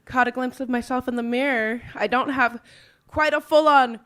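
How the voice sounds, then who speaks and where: A woman's voice: sits high, fairly even intonation, moderate pace, fairly bright tone. A woman doing a nervous, self-deprecating stand-up set. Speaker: stand-up comedian.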